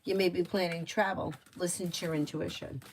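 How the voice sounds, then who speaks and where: A woman giving casual tarot readings on a live stream, chatty and quick to laugh, with lots of fillers. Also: lowish voice, steady tone, very noisy. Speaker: tarot reader.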